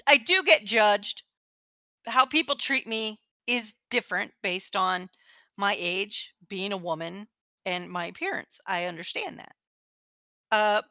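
Lively, bright-voiced woman game master. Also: mid-range voice, dry recording, highs cut off. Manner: frank, opinionated. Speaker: podcast co-host and game master. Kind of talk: casual chat.

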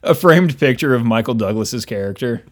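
A man in easy conversation, trailing into asides and filling gaps with "like" and "um". He laughs often as he goes. His pitch sits in an ordinary middle range. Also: expressive, moderate pace. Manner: laughs often, many fillers and restarts. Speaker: podcast co-host. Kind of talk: casual chat.

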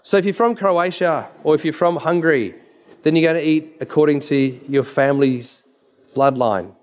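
Emphatic man, fairly high voice. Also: normal speed. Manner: emphatic, storytelling. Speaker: naturopath. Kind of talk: presentation with slides.

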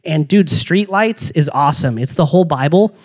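A young man giving a casual youth sermon, energetic and slangy, with frequent restarts and asides. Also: fairly high pitch, moderate pace. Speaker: youth pastor.

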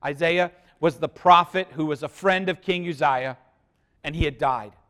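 A pastor preaching a sermon to a congregation, swinging between loud emphasis and quiet, hushed lines and putting questions to the listeners. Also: male voice, on the high side, moderate pace.

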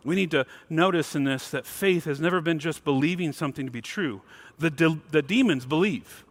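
A man preaching a sermon as pastor, emphatic, swinging between loud stressed words and quiet, low asides. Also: fairly quick.

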